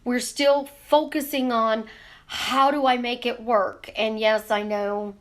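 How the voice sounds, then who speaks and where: A woman coaching her viewers in a casual live stream, talking with her hands and firing off rhetorical questions. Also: on the high side. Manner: animated, talks with her hands, asks rapid rhetorical questions. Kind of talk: casual teaching monologue. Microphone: camera in front of her.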